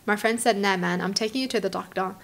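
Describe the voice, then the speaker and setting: A young woman from Australia, hosting and reading stories aloud, then reacting to them with animated exclamations. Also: mid-range voice, fast talker, vocal fry. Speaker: host.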